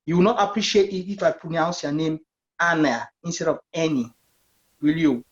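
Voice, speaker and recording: A man's voice: on the high side, moderate pace. A man hosting a discussion show, earnest as he asks questions and wraps up. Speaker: talk show host. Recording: dull lo-fi sound.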